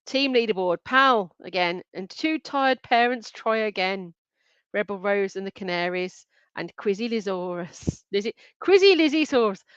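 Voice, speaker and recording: A woman's voice: medium pitch, animated, normal speed, fairly bright tone, clean tone, no echo, lo-fi sound. A woman hosting a live online quiz, reading out answer options and names in a chatty way and giggling often. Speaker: quiz host.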